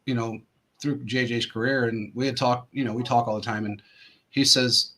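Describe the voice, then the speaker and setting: Husky, bright-voiced male host spinning yarns. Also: medium pitch, fairly even intonation, normal speed. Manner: rambling anecdotes full of restarts and fillers. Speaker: show host. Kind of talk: casual storytelling chat.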